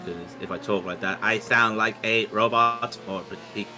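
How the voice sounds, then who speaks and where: A man's voice: on the low side, steady tone, moderate pace, over music. A man commentating a sim race stream, chatting loosely, repeating himself and apologizing as he goes, speaking into a home computer microphone over a shaky internet connection. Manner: rambling, self-interrupting, apologetic. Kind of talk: live race commentary and chat. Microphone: home computer mic over unstable internet. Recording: noisy stream with connection dropouts.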